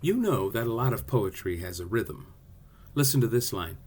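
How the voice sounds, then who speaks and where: Man, teacher, lesson video, playful, animated delivery, slightly husky voice. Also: medium pitch, brisk. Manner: lively, playful teaching voice with sung-out rhythm syllables. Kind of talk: classroom explainer video.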